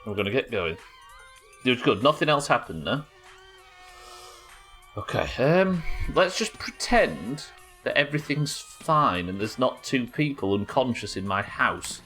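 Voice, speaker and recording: A man's voice: mid-range voice, sing-song, unhurried, pushed and bright, soft background music. A man streaming a game live, chatting to viewers and thinking aloud as he plays. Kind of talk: live gameplay commentary.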